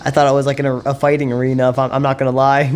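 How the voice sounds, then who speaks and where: A man's voice: medium pitch, level tone, fast talker, a little hiss or hum. A man casually chatting while he plays, laid-back and chuckling, talking to himself and his dog. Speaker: streamer. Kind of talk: casual gameplay chat.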